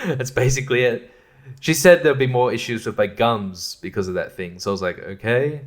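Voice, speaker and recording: A man's voice: medium pitch, fairly quick. An Australian man in his thirties ranting profanely and exasperatedly as a solo podcast host, laughing at his own complaints. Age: 30s.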